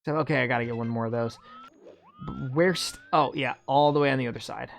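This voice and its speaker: A man's voice: mid-range voice, fast, vocal fry, slight background noise. A man giving casual gameplay commentary as a gaming YouTuber, rambling and sarcastic, with many restarts.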